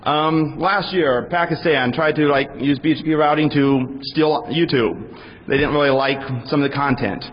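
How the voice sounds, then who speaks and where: A man's voice: a little high, moderate pace. A man casually moderating a conference panel, loose and joking as he improvises. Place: conference hall with audience. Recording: dull recording in a reverberant hall.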